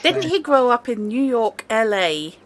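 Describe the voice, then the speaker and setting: A woman at a tabletop game, chatting casually with lively, quick remarks. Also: fairly high pitch. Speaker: tabletop player. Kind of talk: casual chat.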